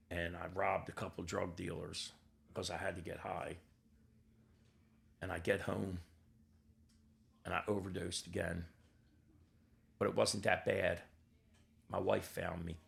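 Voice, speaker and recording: A gravelly older man speaks in a low register, his voice full of rough vocal fry. He tells his story as a podcast guest, blunt and raw, swears without a filter, and slips into the voices of the people he quotes. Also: a bit bright. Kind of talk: candid personal storytelling.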